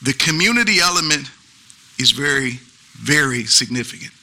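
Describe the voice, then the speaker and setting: A pastor preaching an animated sermon with features, calling out to the congregation. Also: male voice, medium pitch, moderate pace, rough recording. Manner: animated preaching with call-and-response asides.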